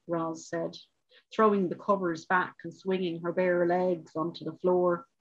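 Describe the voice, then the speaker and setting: A woman reading her short story aloud at a book launch, in a measured, wry manner, on a dull, muffled recording. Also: on the low side, little pitch movement. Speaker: author reading.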